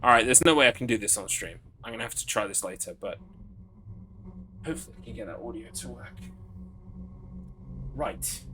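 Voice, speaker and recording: A man with an English accent and a mid-range voice streams a horror game from his computer over a noisy background. Chatty and given to occasional swearing, he reads viewers' questions aloud and answers them while commenting casually.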